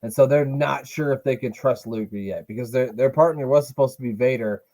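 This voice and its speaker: Joking wrestling podcast co-host, mellow man. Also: mid-range voice, brisk. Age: adult, watched as a child in 1995. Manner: joking, swears casually, laughs often. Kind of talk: casual chat watching wrestling.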